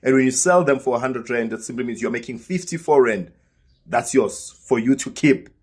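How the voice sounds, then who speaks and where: A man's voice: medium pitch, moderate pace, husky. A South African man casually telling a personal story, acting out the dialogue as he goes. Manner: lively storyteller who acts out quoted dialogue. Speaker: vlogger.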